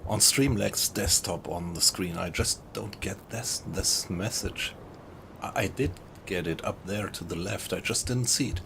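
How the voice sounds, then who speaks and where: A man with a German accent offers casual live-stream commentary while playing a video game, chatting to his audience, thanking viewers and laughing a lot. He has a deep, creaky voice, with background noise behind him.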